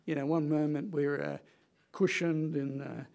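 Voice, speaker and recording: A man delivers a sermon in an earnest, conversational tone. His voice sits a little high for a man and carries a gravelly rasp. He lets key words hang in deliberate pauses. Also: fairly even intonation, a little mellow. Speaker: preacher.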